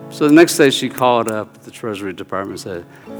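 A man preaching a sermon, telling a personal story with swings of pitch and volume. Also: lively intonation, a little fast. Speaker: pastor. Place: church sanctuary. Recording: hall reverb with soft guitar music.

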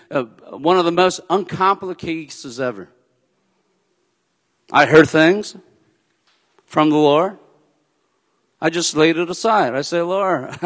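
A man preaching a sermon, dropping to a hush and then rising to loud, emphatic peaks. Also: fairly high pitch. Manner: swings from hushed to loud and emphatic. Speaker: pastor. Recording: long hall reverb.

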